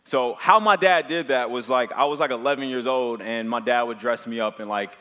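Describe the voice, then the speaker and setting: A young man in his twenties preaching, chatty and rambling as he tells a story straight to the crowd. His voice sounds bright and forward at an ordinary pitch, and it rings out with a long reverb like a big church hall. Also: fairly quick. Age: 20s. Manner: chatty and loose, heavy on filler words. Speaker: pastor. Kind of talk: storytelling sermon to a live audience.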